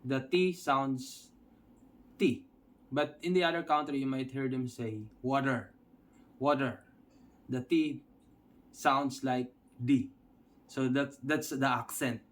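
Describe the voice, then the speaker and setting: A man's voice: medium pitch, steady tone, slow pace, long pauses. A man from the Philippines with a Filipino accent, teaching an English lesson step by step and often checking in with his listeners. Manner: explains step by step, checks in with "Okay?". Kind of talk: instructional video lesson.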